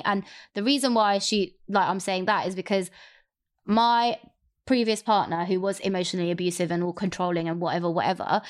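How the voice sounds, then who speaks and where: A young woman telling a personal story candidly in a casual chat. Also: mid-range voice. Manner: candid, rapid, expressive storytelling. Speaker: guest sharing a personal story.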